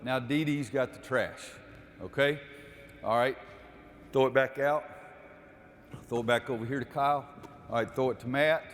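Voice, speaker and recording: A man's voice: mid-range voice, normal speed, pauses often, a bit bright. An older man coaching basketball players through a defensive drill, explaining steps and calling out repeated commands. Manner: instructive, barks repeated drill calls. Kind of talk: coaching clinic on court. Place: gym. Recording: long reverb of a large gym.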